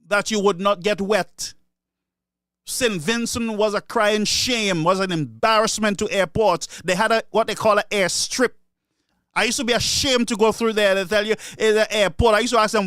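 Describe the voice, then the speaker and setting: A man with a Caribbean English accent airs an indignant, repetitive political rant on his own as an opinion monologue. His voice is high with a fairly bright tone, recorded in studio quality with no echo.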